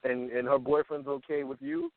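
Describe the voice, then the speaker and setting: A man's voice: medium pitch, wildly swooping pitch, normal speed, gravelly, dry recording. A man co-hosting a radio talk show, teasing and mock-incredulous as he questions a caller. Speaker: radio co-host. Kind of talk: comedic radio banter. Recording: tinny phone-like line.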